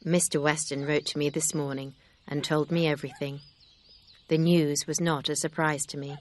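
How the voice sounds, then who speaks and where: A woman voicing a grave, kind gentleman. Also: sits low, moderate pace, lightly acted. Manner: steady, sincere. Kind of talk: audiobook reading.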